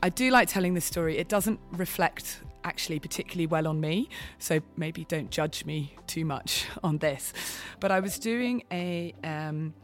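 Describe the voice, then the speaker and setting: A woman's voice: on the low side, normal speed, soft background music. Candid woman medic telling a story. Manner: hesitant storytelling with frequent ums and restarts. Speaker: expedition medic guest. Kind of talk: candid anecdote in conversation.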